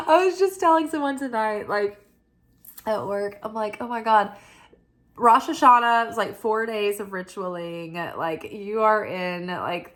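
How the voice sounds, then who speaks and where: Tired woman oracle host, medium pitch, talks casually and laughs at herself. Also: a bit bright. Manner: chatty and self-mocking, lots of "like". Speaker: spiritual oracle reader. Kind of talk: casual chat.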